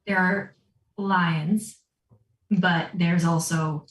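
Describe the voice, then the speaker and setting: A woman's voice: on the low side, steady tone, very slow, reverberant, distant mic, rough recording. A woman running a tabletop game as game master, describing scenes in a chatty, filler-laden way.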